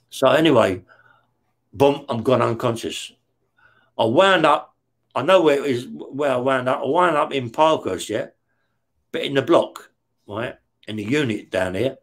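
A man telling a rough story from his past in a casual interview, swearing often and checking in with "yeah?" after nearly every phrase. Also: medium pitch. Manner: blunt, heavy swearing, keeps checking with "yeah?". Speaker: interview guest recounting prison life.

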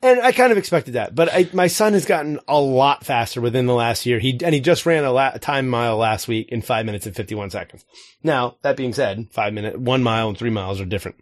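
Casual male podcast co-host, forties, middle pitch, dry close sound, rambles and acts out quoted lines. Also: animated, fast, no room sound. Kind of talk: casual chat.

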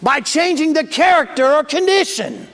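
A strikingly high, slightly bright voice delivers a sing-song sermon at normal speed as a pastor addresses his congregation. Plain-spoken and emphatic, he leans into key words and calls out for responses, the sound ringing with a large sanctuary's long reverb.

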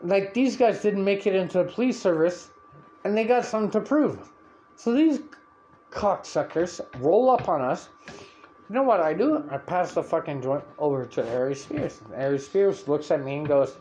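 A man's voice: high-pitched, normal speed, slight background noise. Foul-mouthed man ranting. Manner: swears constantly, animated and rant-like. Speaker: podcast host. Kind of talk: profane rambling storytelling.

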